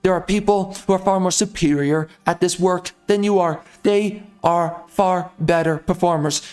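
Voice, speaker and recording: A man doing gameplay commentary who rants angrily and profanely, repeating insults. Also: fairly high pitch. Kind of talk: angry let's-play commentary.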